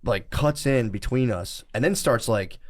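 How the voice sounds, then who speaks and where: A man's voice: mid-range voice, unhurried, darkish tone. A man co-hosting a podcast, telling a rambling, profane story in casual chat, full of fillers and restarts. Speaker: podcast co-host.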